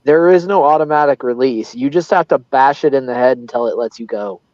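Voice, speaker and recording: A man's voice: mid-range voice, brisk, a little mellow, no echo. A man in casual podcast chat, giving blunt, emphatic advice. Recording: dull, dry lo-fi sound.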